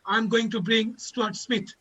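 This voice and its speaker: High, bright-voiced impassioned man. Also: level tone, measured pace, husky. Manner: emotional, repeats lines for emphasis. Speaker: host of a community panel. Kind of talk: impassioned advocacy speech. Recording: dull lo-fi audio.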